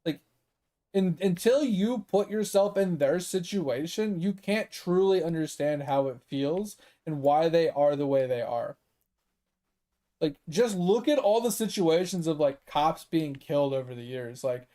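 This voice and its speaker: A man's voice: fairly high pitch, lively intonation, normal speed, dark tone. A man streaming a game and telling a story in casual, profane chat, laughing often. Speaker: gaming streamer. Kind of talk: casual storytelling while gaming.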